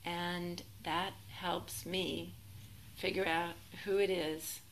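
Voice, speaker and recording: A woman teaching as a Zen teacher in a relaxed, reflective dharma talk, gently self-deprecating and sometimes laughing. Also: fairly low pitch, takes it slowly, slight background noise, poor audio.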